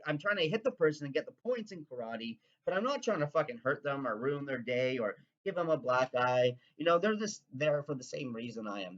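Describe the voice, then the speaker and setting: A man from Canada rambling in an excitable, profane, casual rant. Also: on the high side, dull audio. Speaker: vlogger.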